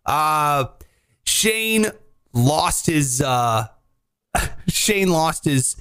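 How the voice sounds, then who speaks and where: A man hosting a comedy podcast, telling odd news stories in a joking, animated way and often laughing. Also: fairly high pitch, extremely slow, clean tone. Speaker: podcast host. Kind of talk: casual comedic news chat.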